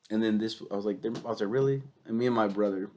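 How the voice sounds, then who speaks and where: A young man with a cold and a cough, casually reviewing a film, swearing a lot and rambling excitedly. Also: on the low side. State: sick with a cough.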